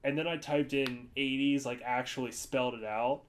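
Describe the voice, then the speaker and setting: A man's voice: steady tone, moderate pace, slight background noise. A man from the United States, co-hosting a podcast, telling stories in a loose, rambling way. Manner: rambling storyteller, jumps to high-pitched voices for quoted people. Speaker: podcast co-host. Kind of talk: casual chat.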